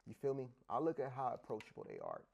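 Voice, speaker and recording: A man from Africa, an interview guest telling stories in a casual, animated, profane slang style, acting out dialogue in other voices. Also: mid-range voice, quick pace, vocal fry. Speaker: interview guest, sports bettor. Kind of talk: casual storytelling chat.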